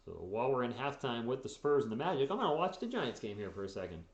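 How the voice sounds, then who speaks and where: Here a weary sports streamer yawns while chatting about games and responding aloud to his chat. His medium-pitched voice jumps around a lot in pitch, he speaks quickly, and the audio is dull and echoey.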